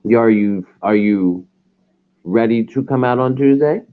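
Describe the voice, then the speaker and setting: A man's voice: mid-range voice, a little slow. A man hosting a casual livestream, easygoing and asking lots of questions. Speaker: host. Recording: tinny phone-like line.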